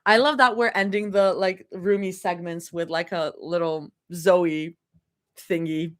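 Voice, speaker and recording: A woman reads fanfiction on a live stream, slipping between the story text and chatty asides. She giggles often, and her voice swings widely in pitch, from low murmurs up to sudden high exclamations. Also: lively intonation, a little slow. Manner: giggly, breaks off to react and chat. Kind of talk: live reading with chatty reactions.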